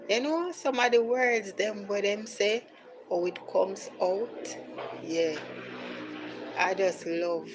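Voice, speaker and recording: A Jamaican woman talks through a live podcast in a relaxed, casual way, taking her time over each phrase. Her voice sits a little low, and now and then she drops to a soft near-whisper. A faint hiss sits under the recording. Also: poor audio. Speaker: podcast host.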